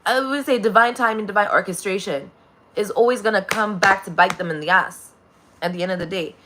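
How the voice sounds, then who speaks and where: A woman's voice: medium pitch, brisk, background noise. A woman delivering a rambling, profane spiritual monologue, laughing often.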